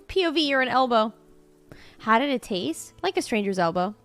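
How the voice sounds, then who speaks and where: A woman's voice: on the high side, expressive, normal speed, a bit bright, soft background music. A young woman from Florida chatting casually on a live stream, playful, laughing often and swearing freely.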